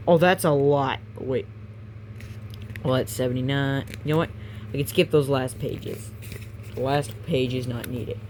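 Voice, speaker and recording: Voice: mid-range voice, a little mellow, a little hiss or hum. A reader casually reading a game guidebook aloud, stumbling, correcting themselves and adding chatty asides.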